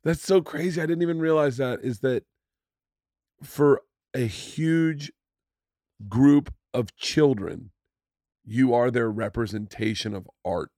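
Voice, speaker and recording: A man's voice: mid-range voice, slow, pauses often, a little mellow, no echo, studio quality. A man hosting a casual podcast chat, laughing often and swearing casually. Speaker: podcast host.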